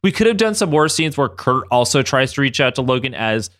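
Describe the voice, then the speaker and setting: Lively-voiced man recapping a cartoon. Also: medium pitch, brisk, dry recording, clean studio sound. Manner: animated recapping, laughing, acting out quotes; swearing, hesitant restarts. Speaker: podcast co-host. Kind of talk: casual cartoon recap chat.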